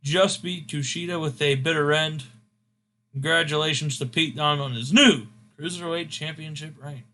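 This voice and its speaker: A male host chats casually through a game playthrough, rambling with fillers. His voice is bright and sits slightly high. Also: moderate pace.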